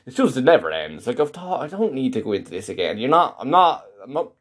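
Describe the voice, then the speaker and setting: A man's voice: mid-range voice, very animated, fast, slightly rough. A man delivering a casual, meandering monologue, wry and self-interrupting as he talks. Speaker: monologue host.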